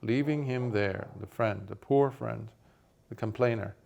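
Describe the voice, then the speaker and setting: A man who is a Buddhist monk, giving a dharma talk and telling a parable, in an unhurried way with many fillers. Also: on the low side, creaky, darkish tone, highs cut off.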